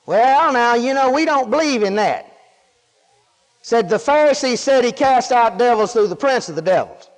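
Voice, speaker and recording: A man's voice: very high voice, lively intonation, moderate pace, long reverb tail, rough recording. A male preacher delivering a folksy, emphatic sermon, often asking the congregation questions.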